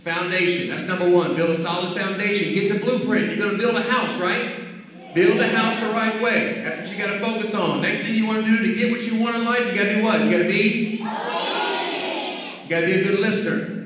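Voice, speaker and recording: A man giving an energetic motivational talk to schoolchildren, repeating key phrases and calling for answers. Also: sits high, a little fast, some chatter behind. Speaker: guest speaker at a school. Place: school hall or gym. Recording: echoey hall picked up from far off.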